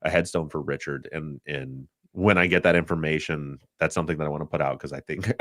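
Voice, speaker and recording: Deep-voiced man hosting a podcast. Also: steady tone, a bit bright, no echo, studio quality. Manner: halting, repeats words, gets choked up. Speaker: podcast host. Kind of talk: casual podcast discussion.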